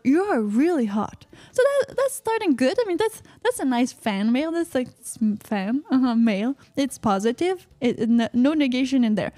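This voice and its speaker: A playful woman hosts a live stream, chatting casually and dropping "uh-huh" between thoughts. Her voice sits high and bright for a woman. The sound is close and dry, with no room around it. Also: very animated, normal speed, dry recording. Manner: playful, chatty, frequent "uh-huh" fillers and giggles. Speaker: radio show host.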